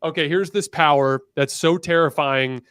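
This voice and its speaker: A man's voice: on the high side, normal speed, fairly bright tone, clean tone, no echo, clean studio sound. A man guesting on a podcast, talking animatedly and acting out quoted characters. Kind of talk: casual podcast chat.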